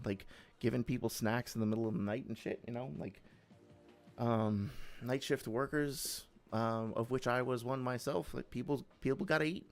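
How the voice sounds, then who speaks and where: A young man chats casually on his live stream, full of ums and asides. His middle-pitched voice stays relaxed and loose. He rambles a little and restarts often. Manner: rambling, hesitant, with many fillers and asides.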